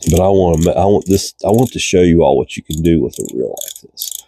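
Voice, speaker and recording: A man from the United States hosting a casual fishing reel repair tutorial in a cold garage, folksy and chatty, congested with a cold and often coughing and clearing his throat. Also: low-pitched, animated, moderate pace, pauses often, warm tone, dry recording. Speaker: reel repair channel host.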